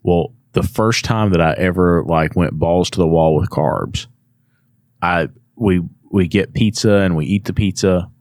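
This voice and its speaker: A man with a very low voice tells a story on a podcast, animated and acting out the people he quotes. The sound is dry and close. He is middle-aged. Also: a little slow, no echo. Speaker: podcast guest. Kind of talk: casual storytelling.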